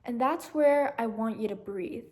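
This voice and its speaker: A gentle young woman with a slightly high voice talks the listener through a meditation. She slows down and softens as she guides their breathing. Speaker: meditation channel host.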